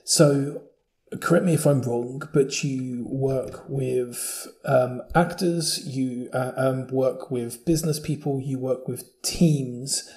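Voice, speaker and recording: Mellow-voiced male podcast host. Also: medium pitch, steady tone. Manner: measured, thoughtful, rephrasing as he goes. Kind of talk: interview questions.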